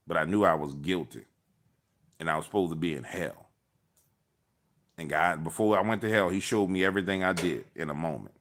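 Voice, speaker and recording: A man hosting a political livestream from his car, blunt and profane in a casual monologue. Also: low-pitched. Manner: blunt, profane, animated retelling.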